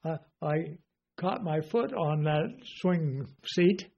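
A man's voice: a little high, takes it slowly, creaky, darkish tone. Older man giving a folksy, rambling sermon. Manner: rambling, folksy, many fillers. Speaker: Bible teacher. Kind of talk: informal sermon. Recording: dull lo-fi recording.

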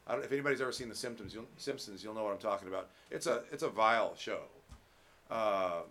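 A man preaching a sermon as pastor, emphatic and rising loud on key points, with conversational asides and fillers. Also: on the low side, fast.

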